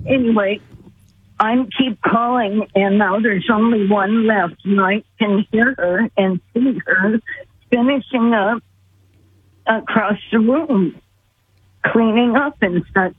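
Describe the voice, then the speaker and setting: A woman's voice: medium pitch, slow, breathy edge. A woman earnestly retelling a personal story as a guest, calling in by phone. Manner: earnest, vivid retelling with quoted voices. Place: phone call. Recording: tinny phone line.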